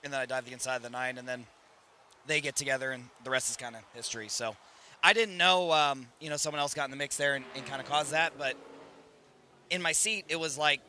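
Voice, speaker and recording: A hoarse young man, a race winner, excitedly retelling his win in casual chat. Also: medium pitch, fast talker, slight background noise.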